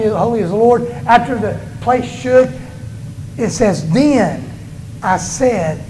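A male pastor preaching a sermon in church, with emphatic delivery that rises and falls and slows down on stressed words. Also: high voice, slight background noise, low-quality recording.

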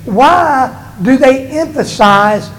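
A male pastor preaching a sermon in church, with emphatic delivery that rises and falls and slows down on stressed words. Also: very high-pitched, lively intonation, a bit bright, poor audio.

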